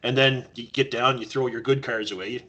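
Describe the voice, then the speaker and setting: A man's voice: mid-range voice, a little fast. A man from Canada, a podcast guest, telling casual stories and acting out quoted lines. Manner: animated storyteller acting out quotes. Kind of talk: casual storytelling.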